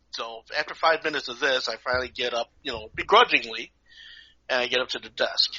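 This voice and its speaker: A man, a podcast co-host, telling a lively story in casual chat, acting out the people in it, in a dull lo-fi recording. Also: mid-range voice, a little fast, slightly rough. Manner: animated, acts out voices.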